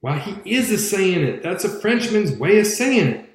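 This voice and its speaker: A man voicing a stubborn, argumentative adult man in an audiobook reading, with a Southern accent and a lowered drawl. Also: very animated, moderate pace. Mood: puzzled. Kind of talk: audiobook character voice. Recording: very echoey room.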